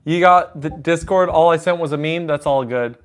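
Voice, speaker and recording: A man's voice: a little high, normal speed. A man live-streaming at the piano, chatting casually, reading chat aloud and joking while taking song requests. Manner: chatty, reads chat aloud, jokey asides. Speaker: livestreaming pianist taking requests. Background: piano music.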